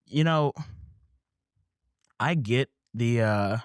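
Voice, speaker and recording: A man co-hosting a casual talk about comics, reacting with wry quick asides. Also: medium pitch, clear, resonant tone, dry recording, clean studio sound. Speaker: podcast co-host.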